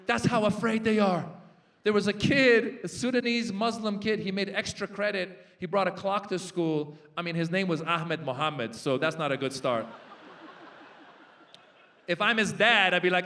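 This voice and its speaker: High-pitched comedian guy on a big stage, animated, jumps into voices and punchlines. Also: moderate pace. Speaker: stand-up comedian. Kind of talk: stand-up comedy set. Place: large festival stage before a live audience.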